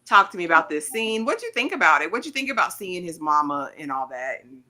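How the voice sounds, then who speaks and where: A woman's voice: lowish voice, very animated, brisk, sharp tone. A woman hosting a TV recap panel, retelling scenes and putting questions to her co-hosts. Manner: storytelling recap, then hands questions to panelists. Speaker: host. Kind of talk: casual TV recap chat.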